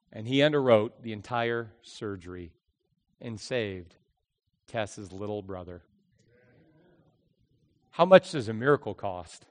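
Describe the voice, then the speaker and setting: A male pastor preaching a sermon, telling a story dramatically, with his voice swinging from hushed to loud. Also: mid-range voice. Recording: long hall reverb.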